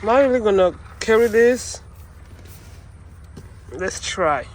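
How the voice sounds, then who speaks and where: A delivery driver vlogging through a work shift, chatting to viewers and repeating phrases with excitement. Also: mid-range voice, slow pace, a little hiss or hum. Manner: excitable, repeats phrases, keeps saying "you guys". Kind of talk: casual vlog talking to viewers.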